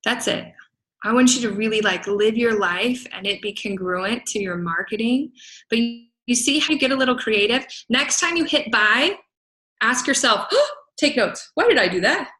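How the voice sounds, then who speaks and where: Bright, punchy motivational woman. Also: fairly high pitch, normal speed, poor audio. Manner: energetic, punchy, keeps asking "right?". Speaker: business coach and guest speaker. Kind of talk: motivational talk to a team. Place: away from home, speaking to a laptop.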